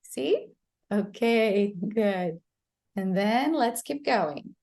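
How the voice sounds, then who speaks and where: A woman with a Brazilian Portuguese accent teaching English pronunciation, explaining slowly and modeling phrases for students to repeat. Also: medium pitch, expressive, darkish tone. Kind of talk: pronunciation lesson.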